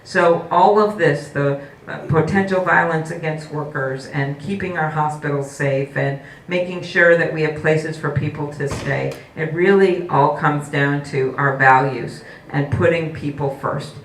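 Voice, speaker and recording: A woman's voice: low-pitched, fairly even intonation, measured pace, hardly any pauses. A woman politician giving a campaign speech at a forum, telling stories with hesitant fillers. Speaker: political candidate. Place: indoor forum hall. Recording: echoey hall from far off, faint noise.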